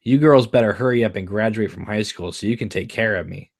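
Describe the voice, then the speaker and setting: A man's voice: on the low side, a little fast, creaky, a little mellow. A man reading the part of a befuddled, affectionate middle-aged father who is a doctor, with an exasperated, blustery delivery.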